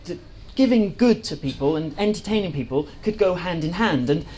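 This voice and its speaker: A man gives an enthusiastic presentation to a live audience, chatty and full of fillers and restarts. His high-pitched voice is animated, a little fast and dark in tone, and the audio is poor.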